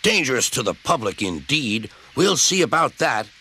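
A man's voice: mid-range voice, sing-song, normal speed, bright, forceful tone, a little hiss or hum. A man voicing a firm, decisive older male railway boss with a pompous manner. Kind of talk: storybook character voice.

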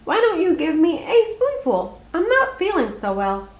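Woman doing a gentle patient boy bear, high lively voice, kinda muffled. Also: normal speed, heavily acted. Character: gentle, easygoing male teddy bear. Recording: echoey muffled room.

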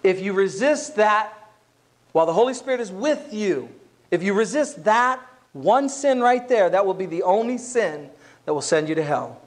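A man's voice: high voice, lively intonation, normal speed. A man preaching a sermon as a pastor in a church, talking to the congregation in a conversational way. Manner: conversational, acts out quoted voices.

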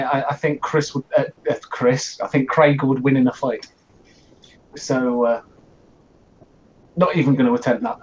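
A man's voice: medium pitch, dull audio, a little hiss or hum. A British man co-hosting a podcast, talking enthusiastically and stumbling over restarts. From United Kingdom. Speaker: podcast co-host. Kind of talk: casual chat.

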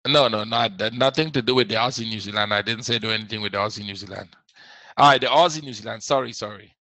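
A man's voice: fairly low pitch, fast, sharp tone, no room sound, low-quality recording. A man teaching a live trading webinar, repeating his points and answering viewers as he goes. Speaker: forex trading instructor.

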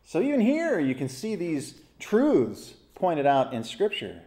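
An animated man teaching a church Bible study, his pitch swooping up and down. His voice is mellow and dark, and he keeps asking the group questions. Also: unhurried, few pauses. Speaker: pastor leading a Bible study.

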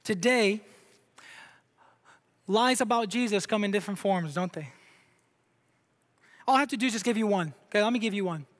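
High-voiced preaching man in an echoing hall. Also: normal speed, long pauses. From Brazil. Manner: emphatic preaching, asks the crowd questions. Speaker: pastor. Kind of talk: sermon. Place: church sanctuary. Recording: long hall reverb.

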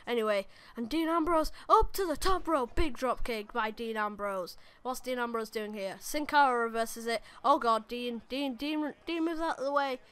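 A young woman with a higher-than-usual, smooth and clear voice rattles off live commentary on her own gameplay. She rambles between asides and sudden excited outbursts at the screen. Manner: excitable, rambling, quick bursts of shouting at the game. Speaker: gaming YouTuber.

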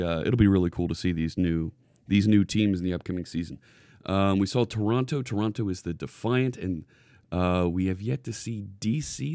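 A man's voice: sits low, a little mellow, dry recording. A man hosting a live coding stream, talking casually from his green-screen studio. He greets viewers in the chat by name and often restarts his phrases. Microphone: hidden desk microphone.

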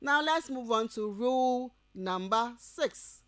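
Lecturing university students over the radio, a Ghanaian English-accented woman repeats every point at a dictation pace, making sure they're following. She speaks at a fairly high pitch, expressively, and there's no echo.

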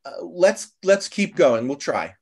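An American man with a slightly high voice hosts an English class online and welcomes his students. He talks loosely, with fillers like um and uh and frequent restarts. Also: very animated, takes it slowly, creaky, darkish tone, a little hiss or hum. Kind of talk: casual online class chat.

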